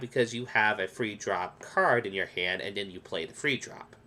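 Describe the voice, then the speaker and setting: A man's voice: lowish voice, moderate pace, bright, forceful tone. A man casually explaining card game strategy tips in a rambling, explanatory way. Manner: explanatory, rambling with restarts and quoted asides. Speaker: gaming video creator. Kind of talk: casual gameplay tips commentary.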